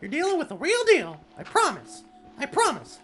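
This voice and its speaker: A bright, squeaky cartoon mouse chirps away, eager and chummy. The falsetto stays sky-high and friendly. Music plays clearly in the background. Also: male voice, wildly swooping pitch, normal speed, heavily acted.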